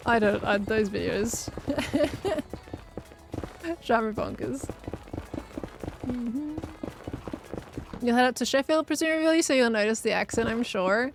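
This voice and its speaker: A woman's voice: fairly high pitch, lively intonation, slow pace, long pauses, background noise. An Australian woman from Victoria chatting casually on a gaming live stream, laughing often and answering chat as she plays.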